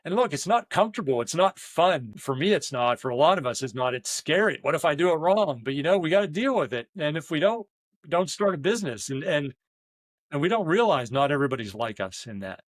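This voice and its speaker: A leadership coach who owns a business talks candidly and conversationally, rambling through stories with many restarts and quoted asides. His voice is a little high, animated and slightly fast, with no echo.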